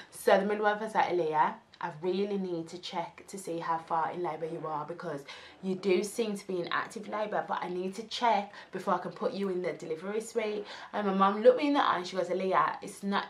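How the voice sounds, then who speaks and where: A young woman telling a casual story, animated and acting out the people she quotes. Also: lowish voice. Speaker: vlogger.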